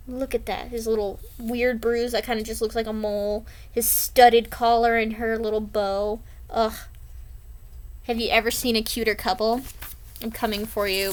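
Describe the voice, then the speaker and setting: A young woman vlogger giving playful, sarcastic commentary on her old drawings. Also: on the high side. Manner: playful, mock-dramatic, sarcastic.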